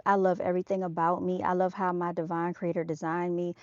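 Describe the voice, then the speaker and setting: A woman's voice: fairly low pitch, little pitch movement, a little fast, few pauses, a little mellow, dry recording. Woman vlogger chatting to viewers outdoors, plain direct delivery, dry lo-fi phone audio. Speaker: live-stream vlogger. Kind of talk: casual live-stream chat. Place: outdoors at an evening motorcycle show. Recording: dull, dry lo-fi sound.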